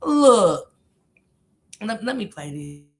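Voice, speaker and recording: A woman streamer talks through the drama in a casual, animated way, her voice high and bright. She jumps from loud emphatic bursts to low muttered asides. The sound carries a noticeable room echo. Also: moderate pace. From Kentucky. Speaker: commentary streamer. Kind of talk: casual reaction commentary.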